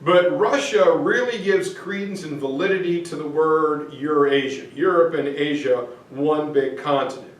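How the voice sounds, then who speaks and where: A man's voice: on the high side, unhurried, few pauses. A man teaching a history class, lecturing in a chatty way with fillers and asides to students. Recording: echoey classroom from far off.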